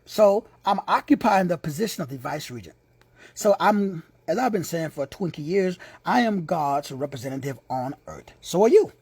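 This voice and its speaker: A man's voice: fairly high pitch, expressive, moderate pace, darkish tone, slightly rough, dry recording. A man teaching a sermon-style Bible lesson, emphatic and repetitive, with slangy asides to his listeners. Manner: emphatic, repeats key words, slangy asides.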